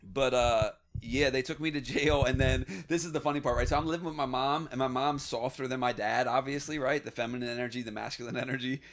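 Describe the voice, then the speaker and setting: Profane storytelling podcast host. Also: male voice, medium pitch, quick pace, few pauses. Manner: profane, animated anecdote-telling with laughs. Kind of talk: casual storytelling.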